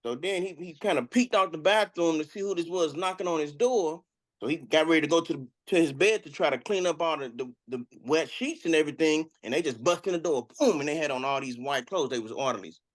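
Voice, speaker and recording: A man's voice: on the high side, fairly quick. A man improvising a story in a rambling way, often asking if the listener follows. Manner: rambling, keeps adding "you know what I'm saying".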